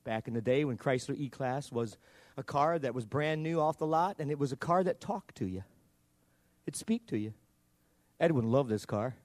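A male pastor preaching a sermon in an emphatic, repetitive way that builds up to shouting. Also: mid-range voice, expressive, normal speed, no room sound.

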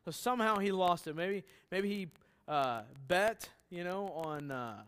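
A middle-aged male pastor teaching a Bible passage in a relaxed, conversational way, with joking asides and questions to the congregation. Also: high voice, measured pace, smooth.

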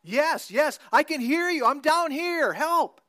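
A man acting out a panicked man hanging from a cliff branch, yelling desperately for help. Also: very high voice, animated, slow, voice pushed up, full character voice.

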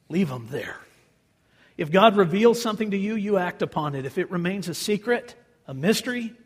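A man preaching a sermon as pastor, telling a story in an animated way and acting out the quoted voices. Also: fairly high pitch, breathy edge. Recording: long reverb of a large hall.

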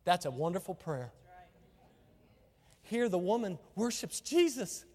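A man's voice: sits high, big pitch swings, unhurried, darkish tone, in a large hall. A man preaching a sermon as pastor, emphatic and full of rhetorical questions.

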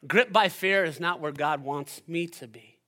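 A man preaching a sermon as pastor, animated and playful, swinging between loud urgency and quiet emphasis. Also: fairly high pitch, unhurried. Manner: playful asides and silly voices for the disciples.

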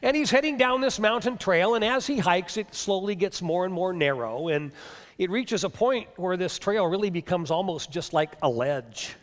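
A male pastor preaching a sermon, telling a story with animation and dropping to hushed tones. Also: high-pitched, lively intonation, moderate pace. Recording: long reverb of a hall.

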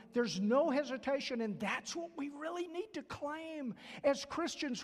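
In a church sanctuary with long, hall-like reverb, an older Southern man with a stutter preaches a sermon in a very high-pitched voice. He speaks a little slowly with hardly any pauses, earnestly repeating key phrases and acting out quoted voices.

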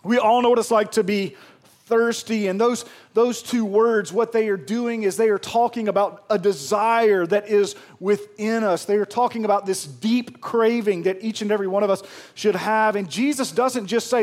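A man's voice: sits high, moderate pace, darkish tone. A man preaching a sermon, telling funny stories and calling on the congregation to join in. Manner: humorous, storytelling, engages congregation. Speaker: pastor.

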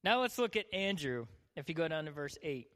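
A man's voice: fairly high pitch, big pitch swings, fairly quick, fairly bright tone. A young man preaching a sermon as a youth pastor, joking and acting out the people in his stories. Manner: joking, acts out voices. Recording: long hall reverb.

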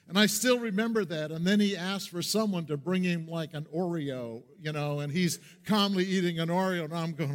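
A man from Pennsylvania, a pastor, preaching a sermon and telling a story in an earnest way, slowing down for the dramatic parts. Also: sits high. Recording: long reverb of a large hall.

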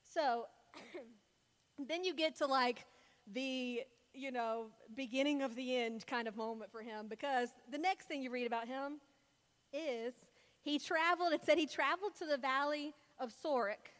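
A woman's voice: sits high, measured pace, a bit bright. A young woman giving a casual, playful sermon, retelling Bible stories and acting out the characters in mock voices. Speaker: speaker preaching to a congregation. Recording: long hall reverb.

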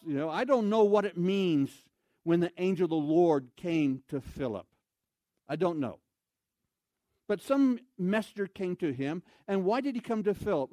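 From the pulpit of a church sanctuary, a male pastor with a slightly high voice moves between animated, conversational storytelling where he acts out voices and loud, emphatic shouts. The sound is close and dry, with hardly any room echo.

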